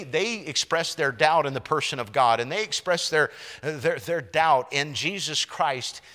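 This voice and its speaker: A man's voice: mid-range voice, bright, forceful tone. A man preaching a sermon, earnest and often repeating words as he searches for the next one. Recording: long reverb of a large hall.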